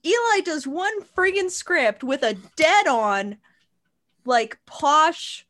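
A woman with a high voice talks slowly and casually while she hosts a comedy card game. She laughs often and swears bluntly. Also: lively intonation, a bit bright. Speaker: podcast co-host.

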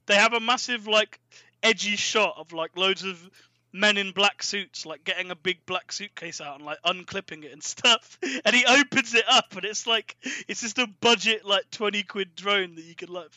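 A man's voice: high-pitched, normal speed, sharp tone, no room sound, poor audio. A young man recapping a film in casual chat, rambling and amused, with lots of fillers. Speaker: podcast co-host.

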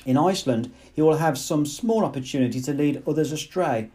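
A man's voice: a little high, brisk, mellow, lightly acted. A man voicing a stern, pompous male director who makes accusing speeches.

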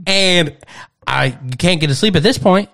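A man's voice: fairly high pitch, animated, brisk, vocal fry, a bit bright. A young man telling a long, rambling anecdote in casual podcast chat. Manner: rambling storyteller, repeats "no joke". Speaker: podcast co-host.

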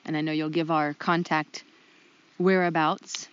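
A woman's voice: sits low, flat delivery, a little slow, clear, resonant tone, dull audio. A woman co-hosting a podcast, chatting casually with wry jokes, hesitant fillers and frequent laughter. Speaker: podcast co-host.

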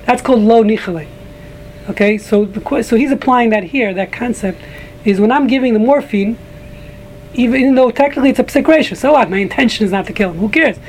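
A man's voice: very high voice, fairly quick, a little hiss or hum, poor audio. A man teaching a casual group Talmud class, rambling with frequent restarts and joking asides to a small room of listeners.

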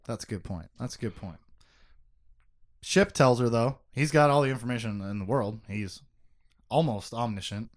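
A man's voice: medium pitch, moderate pace, long pauses. A man co-hosting a casual podcast, rambling and self-mocking, swearing freely as he recaps a story. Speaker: podcast co-host recapping a book.

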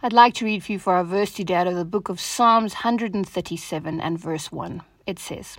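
A woman's voice: fairly low pitch, brisk, few pauses, no echo. Earnest woman giving a devotional talk. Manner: earnest, gentle, reflective, softening at phrase ends. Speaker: devotion host.

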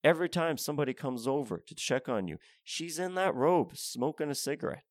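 A man's voice: on the high side, animated, a little fast, no echo, clean studio sound. A man ranting in a profane comedy monologue, rambling and often restarting his sentences.

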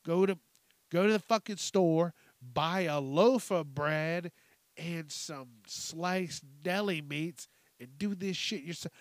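Podcast host, young man, profane animated rant, slightly high voice, dry close sound. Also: slow pace, dry recording. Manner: profane, animated ranting with mocking impressions. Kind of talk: casual ranting commentary.

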